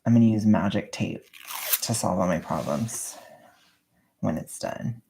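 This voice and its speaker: A young woman with a strikingly deep voice and a gravelly, fry-heavy edge chats while wrapping presents at home. She rambles along in a quiet, soft-spoken way. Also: measured pace, slight background noise. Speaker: vlogger. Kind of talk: casual chat while wrapping gifts.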